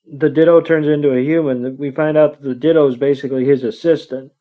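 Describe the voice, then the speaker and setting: A man's voice: fairly high pitch, fast, narrow, tinny audio. A man co-hosting a podcast, casually retelling movie scenes and quoting the characters. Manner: relaxed retelling, with fillers and quoted lines. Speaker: podcast co-host. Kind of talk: casual movie recap chat.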